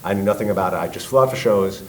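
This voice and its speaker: A middle-aged man from New York with a New York accent, a guest telling a story with loud acted-out quotes and swearing. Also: on the low side, very fast, a little hiss or hum, low-quality recording. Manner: lively, acts out quotes loudly, swears. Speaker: guest, tribute band singer. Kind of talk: animated storytelling.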